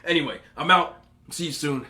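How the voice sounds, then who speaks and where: A man's voice: on the high side, moderate pace, pushed and bright. A young man hosting an eating show, telling a rambling story casually with lots of asides and laughter. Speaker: mukbang host.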